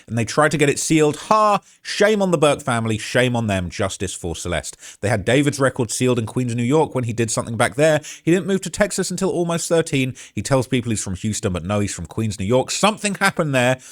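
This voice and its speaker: A man's voice: medium pitch, lively intonation, brisk, few pauses. A man hosting a true-crime commentary show, ranting with heated sarcasm and reading out online comments. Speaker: host.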